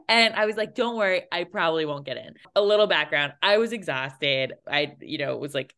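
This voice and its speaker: A woman's voice: on the low side, animated, a little fast, hardly any pauses, fairly bright tone. A young adult woman casually telling a story as an interview guest, laughing often and acting out the voices in her quotes. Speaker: interview guest, playwright and performer.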